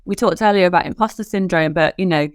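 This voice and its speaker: A woman interviewer with a slightly low voice, encouraging her guest and affirming what she says. The sound is dry and close to the mic, with no room echo. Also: fast talker, smooth. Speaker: interview host. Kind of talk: conversational interview.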